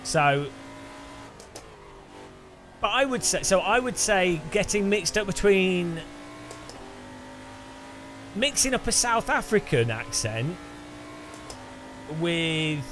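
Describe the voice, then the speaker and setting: A man's voice: fairly high pitch, noisy background. Rambling Midlands man streaming a race. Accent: English Midlands. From English Midlands. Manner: rambling, excitable casual chatter. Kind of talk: live-stream chat while sim racing. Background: loud background music.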